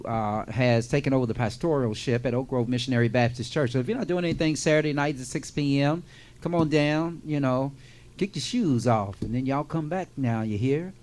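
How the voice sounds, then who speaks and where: A man's voice: mid-range voice, darkish tone. A man hosting a radio show in casual chat, joking and repeating words for emphasis.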